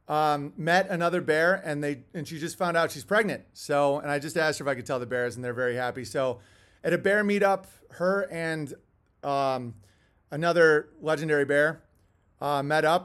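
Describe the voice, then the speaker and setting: A man hosting a casual monologue, rambling through tangents with chuckling asides. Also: on the high side. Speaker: host.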